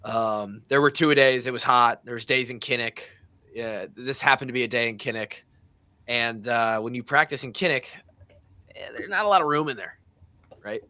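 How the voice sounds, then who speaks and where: A man in his thirties hosting a podcast, telling a story in a casual, animated way and acting out the voices of the people in it. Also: medium pitch, moderate pace. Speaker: podcast host.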